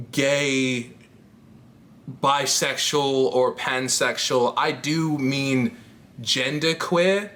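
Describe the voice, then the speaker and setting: A woman's voice: very deep voice, fairly bright tone. A trans woman vlogging to camera in a candid, rambling chat, laughing often and swearing casually.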